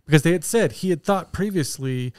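Higher-voiced man, smooth and dry. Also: a little fast, no room sound. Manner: animated, speculative, poses questions. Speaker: podcast co-host. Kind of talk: casual movie review chat.

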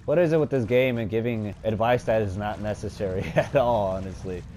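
A man giving let's play commentary, cursing often and jumping from quiet muttering to panicked shouts. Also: fairly low pitch, fairly quick, a little hiss or hum. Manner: swears a lot, swings from muttering to panicked yelling. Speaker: gaming channel host.

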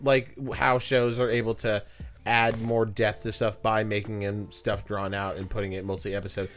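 A man co-hosting a casual podcast, relaxed and agreeable, laughing along with the others. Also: on the low side, moderate pace, faint music behind. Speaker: podcast co-host. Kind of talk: casual chat.

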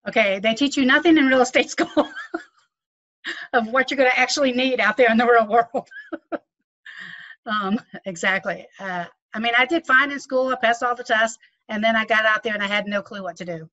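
A woman's voice: fairly high pitch, normal speed, pushed and bright. Middle-aged woman agent, plain matter-of-fact delivery, dull lo-fi sound. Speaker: real estate agent. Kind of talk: testimonial interview. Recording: dull, muffled lo-fi audio.

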